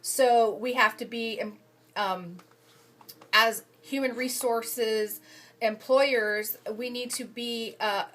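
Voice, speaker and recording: A woman's voice: on the high side, steady tone, slow pace, fairly bright tone. Hesitant woman summarizing articles. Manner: hesitant, frequent ums and restarts. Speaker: human resources student reviewing journal articles. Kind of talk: casual spoken summary of readings. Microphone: phone camera.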